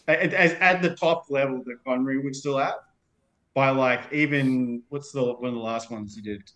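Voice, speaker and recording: Talking films casually as a podcast guest, this Australian man wanders through his thoughts, filling sentences with "like" again and again. He has a medium-pitched, slightly bright voice and moves at a moderate pace.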